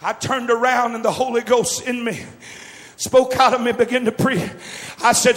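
A man preaching a revival sermon, shouting and drawing out his words with fervor. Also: very high-pitched, flat delivery, big-room sound. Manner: shouting, drawn-out fervent preaching.

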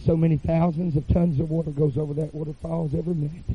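A man preaching a revival sermon in a church, chanting phrases with "uh" fillers and rising to shouts. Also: on the high side, little pitch movement, fast, breathy edge, phone-quality sound.

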